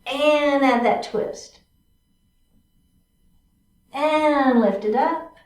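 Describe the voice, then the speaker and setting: A woman guides a chair yoga class in a fairly high voice, calling out each move and asking how it feels. She stands a little away from the mic, and the room echoes around her. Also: drawn-out words. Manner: encouraging, cueing moves step by step with frequent check-ins. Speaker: yoga instructor. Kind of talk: guided exercise class instruction. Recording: roomy sound from a distant mic.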